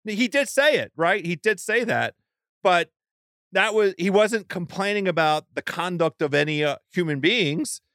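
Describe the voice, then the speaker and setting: A man's voice: high voice, animated, measured pace, fairly bright tone, no room sound, clean studio sound. A man co-hosting a podcast, chatting casually about golf in a laid-back way with lots of fillers. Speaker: podcast co-host.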